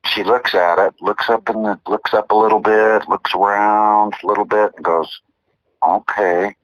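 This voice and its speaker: An older man telling a story in casual chat, animated, repeating himself and acting out quotes. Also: fairly low pitch, moderate pace, dry recording, rough recording.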